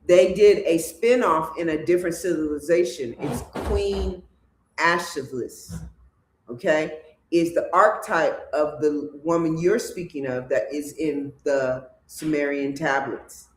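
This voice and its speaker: A livestream host giving an emphatic, preachy spiritual monologue that builds to loud declarations. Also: medium pitch. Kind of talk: spiritual talk show monologue. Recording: echoey room with faint background noise.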